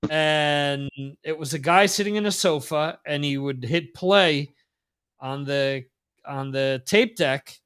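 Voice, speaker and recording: A man's voice: fairly high pitch, takes it slowly, a bit bright, clean tone. A man hosting a casual talk show, rambling with frequent fillers and laughs. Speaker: podcast host. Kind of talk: casual chat. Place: lives in Spain.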